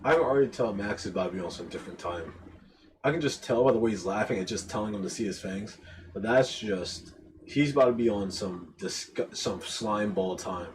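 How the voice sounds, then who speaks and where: A man with a lowish voice reacting casually to a recording, musing and wondering aloud. His speech is relaxed and conversational, with faint hiss behind him. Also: a little fast, rough recording. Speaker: commentator.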